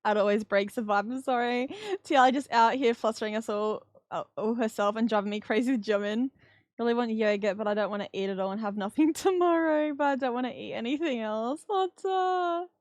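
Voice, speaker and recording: A woman's voice: on the high side, a little fast, no echo, clean studio sound. A woman streaming a game, chatting casually and playfully, laughing often. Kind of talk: casual live-stream chat over gameplay. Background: faint background music.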